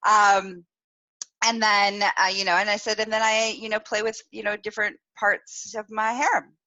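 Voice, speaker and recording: This live podcast host has a medium-pitched voice at a moderate pace, on lo-fi sound. She tells an animated story with plenty of laughter and acted-out quoted voices during a live-streamed storytelling chat.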